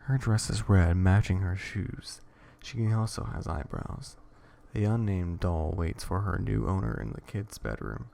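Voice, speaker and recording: Man, low voice, mellow dark tone, casual horror story reading, hushed, self-correcting, joking asides. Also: expressive, measured pace, gravelly, hardly any pauses. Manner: rambling, stumbles and self-corrects, jokes between lines; reads in a hushed would-be ASMR horror tone. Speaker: reader of an interactive horror story.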